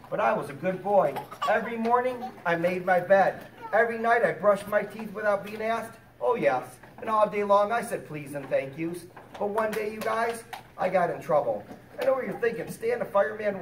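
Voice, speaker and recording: A man performing a fire safety show for preschoolers, telling a story in an animated, sing-song way. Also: high voice, moderate pace. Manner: animated, sing-song, talks down warmly to little kids. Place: preschool classroom. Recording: roomy, distant, with children and noise. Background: young children chattering and answering.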